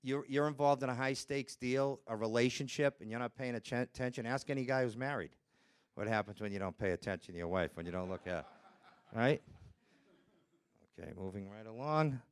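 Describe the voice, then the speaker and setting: A man lecturing on nonverbal communication as a trainer, animated and acting out other people's voices as he presents with slides. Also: medium pitch, brisk, smooth.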